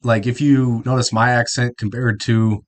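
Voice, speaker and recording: A man's voice: medium pitch, little pitch movement, normal speed. A young man with a Midwestern American accent, hosting a reaction video and chatting in a loose, rambling way. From South Dakota, US Midwest. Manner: rambling, informal, self-correcting. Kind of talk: casual commentary.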